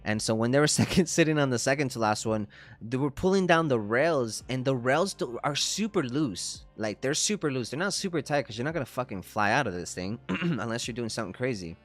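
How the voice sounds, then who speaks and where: A man's voice: medium pitch, animated, brisk, faint music behind. A man in his thirties hosting a trading livestream, telling stories in a laid-back, profane way and laughing often. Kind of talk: casual livestream chat.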